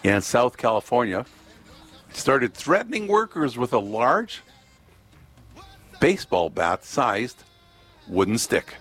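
A man's voice: mid-range voice, very animated, takes it slowly, long pauses, fairly bright tone, faint music behind. A man co-hosting a talk show, reading out news items and joking around in casual chat. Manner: rambling, joking, reading news stories aloud. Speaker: radio co-host.

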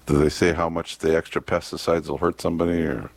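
A man co-hosts a casual morning radio show in a chatty way and keeps asking curious, naive questions. His voice sits very low with a gravelly fry. The sound is dry and close, with no room echo. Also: level tone, fast. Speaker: radio co-host.

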